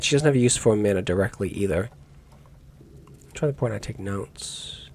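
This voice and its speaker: A man's voice: lowish voice, moderate pace, a little mellow, a little hiss or hum. A man giving let's play commentary on a game, musing aloud in rambling asides and correcting himself as he goes. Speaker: gaming YouTuber.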